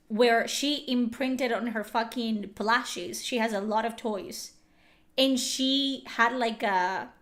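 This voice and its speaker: A young woman chatting casually on a livestream, animated and swearing often, with lots of "like" fillers. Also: fairly high pitch. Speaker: streamer.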